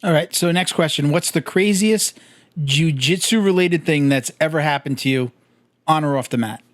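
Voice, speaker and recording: A man hosting a podcast, asking questions in a relaxed, easygoing way. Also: a little high, moderate pace, no room sound. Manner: relaxed, laughs easily, asks questions. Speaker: podcast host. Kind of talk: casual podcast interview.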